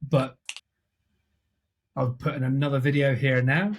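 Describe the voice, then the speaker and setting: A man's voice: medium pitch, little pitch movement, measured pace, a little hiss or hum. A man with a Scottish accent co-hosting a movie podcast, chatting casually and joking, swearing freely. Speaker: podcast co-host. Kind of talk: casual chat.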